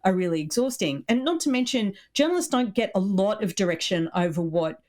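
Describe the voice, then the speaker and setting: A middle-aged woman with an Australian accent, co-hosting an animated, opinionated political podcast chat. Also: medium pitch, brisk. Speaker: podcast co-host.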